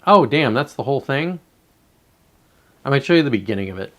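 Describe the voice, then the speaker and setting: A man chatting loosely to his live-stream viewers in a voice of middling pitch. He rambles, swears freely and keeps cutting himself off mid-thought to start over. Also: animated, brisk, a bit bright. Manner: rambling and profane, with many self-interruptions. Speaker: livestreamer. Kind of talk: casual live-stream commentary.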